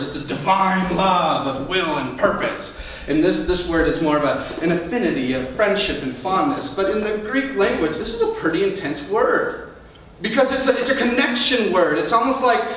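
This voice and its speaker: High-voiced pastor preaching in echoey hall. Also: male voice, a bit bright, a little hiss or hum. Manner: earnest, repeats words as he restarts. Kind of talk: sermon. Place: church sanctuary. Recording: echoey church sound from far off.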